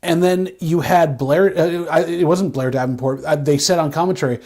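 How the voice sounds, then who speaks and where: A man co-hosting a casual wrestling recap, animated and rambling with frequent restarts. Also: on the high side, moderate pace, few pauses. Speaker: podcast co-host.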